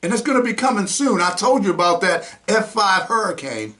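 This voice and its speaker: A man's voice: high voice, sing-song, fairly quick, a bit bright. A man hosting a talk show, ranting with indignant, mocking commentary. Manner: indignant, mocking, name-calling rants. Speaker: podcast host. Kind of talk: heated commentary.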